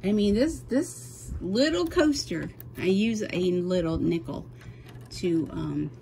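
A woman's voice: mid-range voice, animated, slow pace, gravelly, warm tone. Flustered woman, noisy room. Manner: flustered, chatty, apologetic to viewers. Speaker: embroidery vlogger. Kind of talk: casual how-to chat while working. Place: home sewing room with window open and ceiling fan. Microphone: camera mic, no microphone on.

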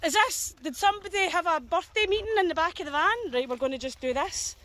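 A young Scottish woman talks to the camera while walking dogs across a field, rambling and poking fun at herself. Her voice sits high, and a faint hiss of outdoor noise runs underneath. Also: a little fast, a bit bright. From Scotland. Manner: chatty, self-mocking, scattered, swears casually. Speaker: dog walker vlogger. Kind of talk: casual chat.

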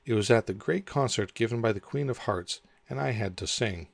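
A man with a gravelly voice voicing a rude, whimsical mad hatter in an audiobook, speaking in a pompous, contemptuous, theatrical way. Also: on the low side, brisk, no echo.

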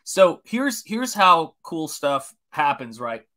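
With a slightly high, sharp voice, a forty-something artist greets his live-stream viewers while painting, taking it slowly yet sounding very animated. His chat is casual, enthusiastic and rambling.

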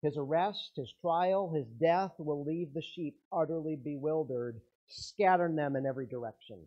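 A man's voice: a little high, normal speed, dark tone, muffled recording. A man preaching a sermon as pastor, earnest, his intensity rising and falling.

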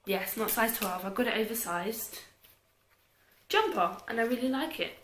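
A woman's voice: fairly high pitch, moderate pace, fairly bright tone, roomy sound, slight background noise, poor audio. A tired young British woman chatting casually through a clothing haul, self-mocking and muttering asides. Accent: British English. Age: young adult. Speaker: YouTuber.

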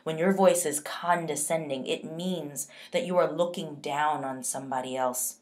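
A woman teacher reading a novel aloud to young students, with slow, expressive narration and pauses to ask them questions. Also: deep voice.

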